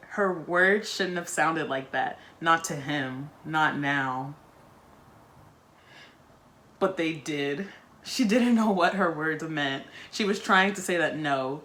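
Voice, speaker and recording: A woman reads a novel aloud in a bright, clear voice, breaking off for casual, wry comments. Her talk stays loose and conversational, mixing reading with chat. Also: low-pitched, slow pace. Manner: chatty, wry asides between read passages. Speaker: book-reading video host.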